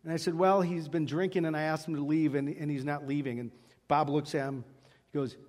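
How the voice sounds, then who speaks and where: A man with a high voice preaches in a sanctuary, and his words ring on in the long reverb of the hall. He tells stories animatedly and acts out each exchange before turning to scripture. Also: fairly quick. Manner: animated storyteller acting out dialogue. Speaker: pastor. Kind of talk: sermon with storytelling.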